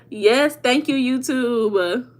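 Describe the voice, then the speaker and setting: A woman hosting a casual livestream. She chats with viewers by name, laughs often and slips into a relaxed teaching talk. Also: on the high side. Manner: chatty, reads out viewers' names and answers them. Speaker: livestream host. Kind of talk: informal teaching on mindset.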